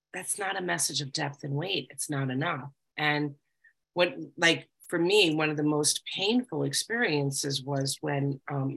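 Low, gravelly woman sharing her story. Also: a bit bright. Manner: candid, conversational, frequent fillers. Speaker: recovery group speaker. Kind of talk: personal testimony to a group.

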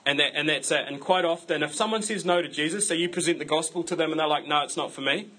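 A man's voice: a little high, fast, pushed and bright, husky, poor audio. A man preaching a sermon to his church in a conversational way, breaking it up with self-deprecating jokes. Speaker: pastor.

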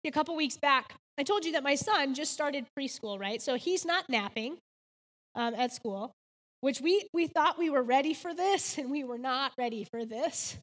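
A woman's voice: high voice, expressive, normal speed, fairly bright tone, long reverb tail. A woman in her thirties giving a faith devotional talk, telling a personal story in an earnest, heartfelt way with lots of "like"s. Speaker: devotional speaker.

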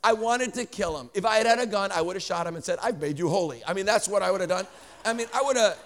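A man, a traveling preacher, telling a story in an animated sermon with joking asides and many restarts. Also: high voice, quick pace.

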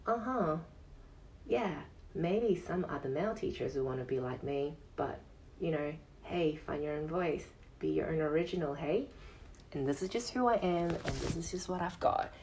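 A male yoga teacher hosting his own podcast, giving an earnest motivational monologue in a high, soft, soothing voice and repeating phrases for emphasis. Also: moderate pace, distant mic, poor audio. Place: casual home podcast setup.

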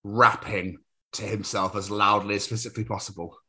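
With a voice on the low side, this podcast co-host speaks a little fast in a bright, forceful tone, though his delivery is flat. In casual chat he rambles through funny stories, laughs often and slips into silly voices.

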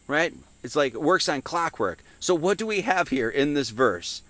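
A man with a fairly high, bright, animated voice gives an informal Sunday Bible teaching at normal speed, barely pausing. Speaking conversationally, he asks and answers his own questions and reads verses aloud with rising emphasis. There is slight background noise.

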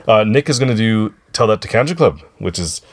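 A man's voice: fairly low pitch, animated, a little fast. A man co-hosting a podcast in casual chat, rambling and correcting himself as he goes in a friendly way. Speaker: podcast co-host.

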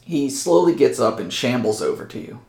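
A man narrates a tabletop adventure as game master with an animated, rising and falling delivery. His voice has a gravelly texture, and the room adds a roomy echo. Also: mid-range voice, fairly quick. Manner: lively storytelling. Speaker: game master and podcast host.

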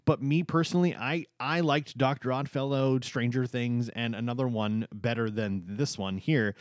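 A man's voice: medium pitch, steady tone, normal speed, no room sound, studio quality. A man co-hosting a podcast in casual chat, talking with frequent ums and uhs. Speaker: podcast co-host.

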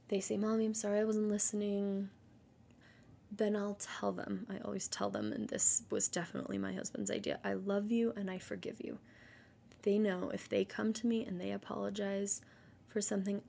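A woman in her thirties hosting a solo parenting podcast, earnest and practical, often dropping into a breathy near-whisper. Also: medium pitch, a little mellow, slight background noise. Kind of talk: casual solo podcast talk.

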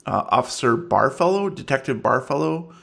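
Gravelly, lively man as game master. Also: mid-range voice. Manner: casual, halting narration with fillers. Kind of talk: narrating a tabletop game.

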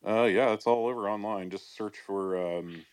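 A man's voice: on the low side, normal speed, crowd noise. A man co-hosting an online chat, talking casually with many fillers. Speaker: podcast co-host.

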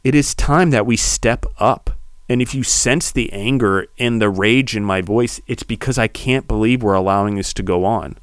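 A man hosting a podcast, delivering a heated, preachy solo monologue that swears and builds to shouting. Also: fairly low pitch, moderate pace, smooth, no room sound, clean studio sound. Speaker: podcast host.

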